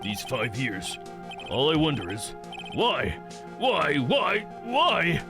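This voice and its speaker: A man voicing an anguished male convict who speaks in halting broken English, reading game dialogue on a stream. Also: a little high, sing-song, vocal fry, exaggerated voice. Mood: pleading. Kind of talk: let's play character reading. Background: game music.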